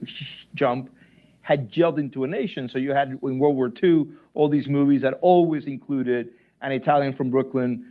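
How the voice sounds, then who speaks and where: A man's voice: medium pitch, steady tone, normal speed. Man explaining over a tinny line. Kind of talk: interview talk. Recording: tinny phone-like clip.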